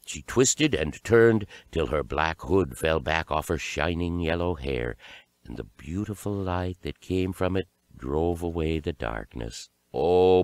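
A man reading a fairy tale aloud as narrator, in slow, deliberate storytelling. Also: low voice, clear, resonant tone, no room sound.

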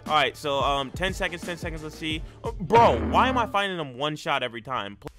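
A man's voice: on the high side, fast, over music. A man giving casual, slangy let's-play commentary as a YouTuber, talking with energy and hype while he plays. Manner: energetic, slangy, hyped-up chatter. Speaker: YouTuber gamer.

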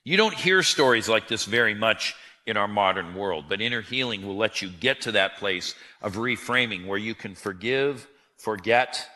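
A man's voice: lowish voice, lively intonation, moderate pace, few pauses, bright, forceful tone. A man preaching a sermon, telling the story with animation and acting out the quotes. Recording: long hall reverb.

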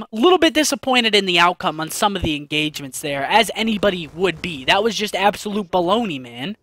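A man giving live gameplay commentary as a gaming video host, excitable and slangy, breaking into loud, swearing outbursts. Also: sits high, brisk, hardly any pauses. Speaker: gaming YouTuber.

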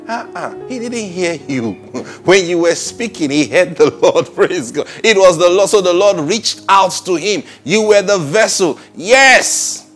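A man preaching a sermon, emphatic, laughing often and acting out quoted people in a low muttering voice. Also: expressive, unhurried, hardly any pauses, fairly bright tone, soft background music.

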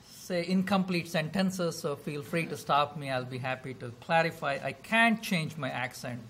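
A man with a South Indian accent opening a university lecture, animated and full of fillers like "you know". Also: on the high side, vocal fry, slight background noise. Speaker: guest lecturer. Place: lecture hall.

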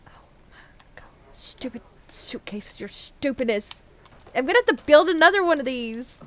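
A woman's voice: high-pitched, animated, moderate pace, a bit bright, a little hiss or hum. A woman streaming a game live, talking to her viewers, jumpy and frightened, squealing and laughing nervously. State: scared.

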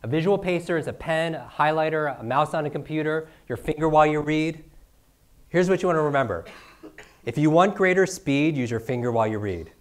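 A man's voice: fairly high pitch, expressive, quick pace. A middle-aged man teaching a seminar to a live audience, firing off rhetorical questions and tagging lines with "right?". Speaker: speaker teaching speed reading. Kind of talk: energetic live seminar talk.

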